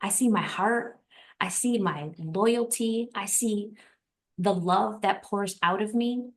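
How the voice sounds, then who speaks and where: Brief: woman podcast guest, earnest and reflective, a bit of vocal fry. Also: mid-range voice, takes it slowly. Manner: earnest, reflective, repeats phrases for emphasis. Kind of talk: heartfelt podcast conversation.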